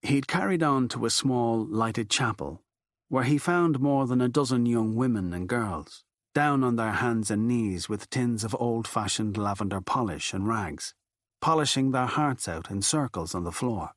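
A man's voice: mid-range voice, no room sound. Man narrating an audiobook, dry sound. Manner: steady, measured. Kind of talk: scripted narration.

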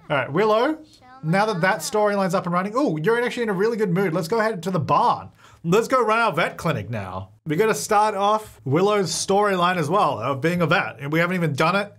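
A man's voice: on the high side, fairly bright tone. A man hosting a gaming video, giving chatty, self-mocking gameplay commentary and laughing often.

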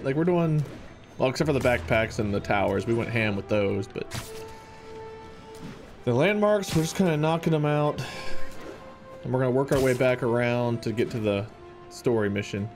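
Chatty male game streamer. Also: medium pitch. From Ohio. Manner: chatty, reads out viewer messages. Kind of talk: casual live-stream chat.

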